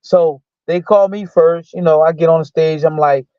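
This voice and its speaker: Storytelling ex-boxer, higher-pitched man. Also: normal speed, dry recording. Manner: animated retelling that acts out quoted dialogue; loose speech with many restarts and fillers. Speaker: guest, former boxer. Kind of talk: casual storytelling. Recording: dull lo-fi dry sound.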